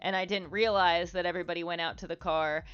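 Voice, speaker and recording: On a livestream, a female host rambles through casual social advice, frank and peppered with "like," "um," and the odd swear word. Her lowish voice moves fast with fairly even intonation, sounding fairly bright, clear, and resonant. Faint music plays under the slightly muffled audio.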